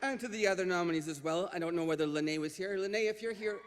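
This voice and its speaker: A man's voice: sits high, quick pace, a little hiss or hum. A man hosting a live awards ceremony in a large event hall, playful and teasing as he introduces presenters on a podium microphone. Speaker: awards emcee. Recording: long reverb of a large hall.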